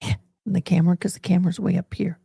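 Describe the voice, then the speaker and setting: A woman's voice: on the low side, flat delivery, fast, gravelly, dark tone, slightly rough, no room sound. A woman hosting a casual livestream, talking in a chatty way close to her desk mic and repeating the courtroom testimony aloud. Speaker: livestream host. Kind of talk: casual commentary on a live court stream.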